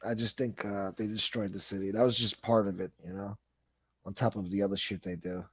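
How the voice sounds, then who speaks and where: A man's voice: on the low side, little pitch movement, fairly quick, breathy edge, no echo. A middle-aged man, hosting a livestream and reading chat comments in a blunt, profane, rambling way. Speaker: livestream host.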